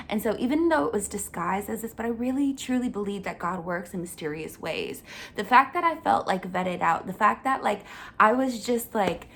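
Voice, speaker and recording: A young woman hosting a vlog, talking in a casual, earnest way with lots of filler words and an upbeat, animated delivery. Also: on the high side. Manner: chatty, earnest, full of "like" fillers. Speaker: vlog host. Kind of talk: casual life-update chat.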